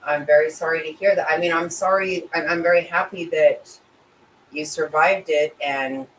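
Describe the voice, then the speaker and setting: A woman's voice: low-pitched, steady tone, moderate pace, echoey room, distant mic, rough recording. A middle-aged woman hosts a casual livestream, answering viewers with emotional, sympathetic rambling full of restarts. Her voice sits a little away from the mic. A faint ambient noise runs underneath. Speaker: livestream host reading chat.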